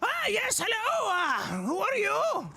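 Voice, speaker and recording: A half-blind elderly goblin at a ticket booth, as a man puts him on, flustered and stammering over every sum. His voice sits high and swoops about. It rings bright. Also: wildly swooping pitch, exaggerated voice. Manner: halting, flustered, many ums.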